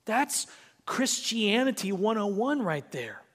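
A man preaching a sermon as pastor, swinging from hushed, near-whispered lines to loud, emphatic ones. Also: high-pitched, big pitch swings, takes it slowly. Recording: long hall reverb.

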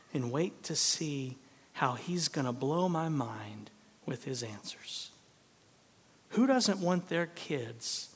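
A man preaching a sermon as pastor, animated and swinging from loud emphasis to hushed near-whispers. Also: a little high. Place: church sanctuary. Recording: long reverb of a large church hall.

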